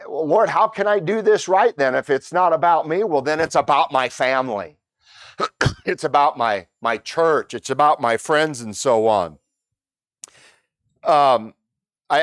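A middle-aged pastor delivers a casual Sunday sermon in a fairly high voice. He talks in a folksy, stop-and-start way, often repeating words. The sound is close and dry, with little room echo.

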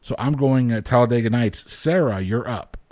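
A man's voice: mid-range voice, normal speed, warm tone, dry recording. A man hosts a casual podcast panel, wry and easygoing as he moderates. His mid-range voice sounds close and dry, with no room around it. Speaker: podcast host.

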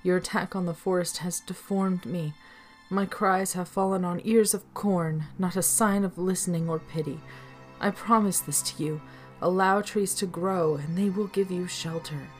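Grieving forest spirit, low and pleading; a woman storyteller voices her. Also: fairly even intonation, normal speed, soft background music, lightly acted. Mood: desperate.

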